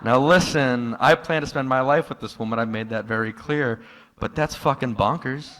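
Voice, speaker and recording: A man doing a stand-up comedy set in a live room, telling stories in a dry tone that jumps into loud, exasperated outbursts. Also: medium pitch, normal speed. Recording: live room with long hall reverb.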